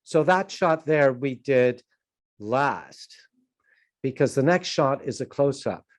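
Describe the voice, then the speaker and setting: An older man from Canada talks through a filmmaking lecture on a video call. His voice sits at an everyday middle pitch. He wanders from point to point and pokes fun at himself along the way. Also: animated, slow pace. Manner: anecdotal, self-deprecating, digressive. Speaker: film producer and lecturer. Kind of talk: online conference talk.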